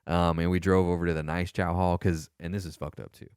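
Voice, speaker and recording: Man, very deep voice, smooth and clear, dry close mic, casual animated storytelling, swears a lot. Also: a little fast, no echo. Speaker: podcast co-host, former Marine.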